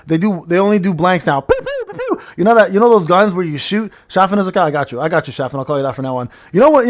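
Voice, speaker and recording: A man streaming a game and chatting casually with his viewers, joking crudely and rambling between plays. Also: high-pitched. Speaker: gaming streamer reading chat. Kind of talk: casual livestream chatter while playing.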